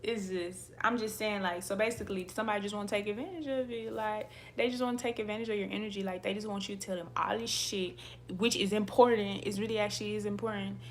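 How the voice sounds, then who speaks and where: Wściekła kobieta przeklinająca do widzów. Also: female voice, mid-range voice, steady tone, fast, slight background noise. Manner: angry, profane, repetitive, laughing. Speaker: tarot reader. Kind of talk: ranting to livestream viewers.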